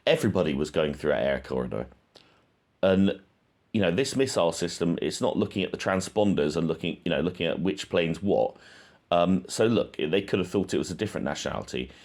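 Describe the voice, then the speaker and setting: A man with a low, deep voice speaks in a loose, unscripted monologue. He thinks aloud and hesitates often, filling the pauses with ums as he weighs his points. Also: expressive, darkish tone. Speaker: true-crime channel host. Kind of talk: casual spoken monologue.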